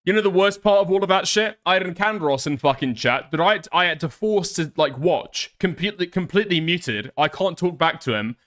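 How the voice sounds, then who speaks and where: A man's voice: sits high, lively intonation, brisk, few pauses, a bit bright. A man livestreaming, swearing a lot and talking to his chat while troubleshooting. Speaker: streamer.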